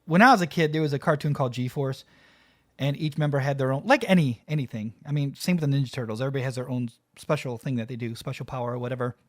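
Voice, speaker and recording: A man's voice: mid-range voice, quick pace, no room sound, studio quality. A man hosting a reaction video, talking casually and emotionally to his viewers as he watches. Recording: loud music playing behind voice.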